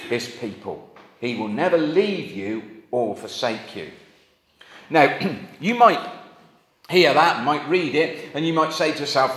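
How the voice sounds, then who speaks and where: A man's voice: mid-range voice, a bit bright. A middle-aged man preaching a sermon, earnest and conversational, with wry asides. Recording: echoey hall with faint noise.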